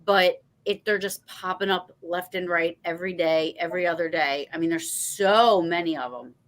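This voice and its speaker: A woman hosts a loose, unscripted livestream conversation. She rambles, trails off and restarts her thoughts, leaning on filler phrases, in a slightly low voice. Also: moderate pace. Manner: rambling, full of "you know" and restarts. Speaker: host. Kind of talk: casual livestream chat.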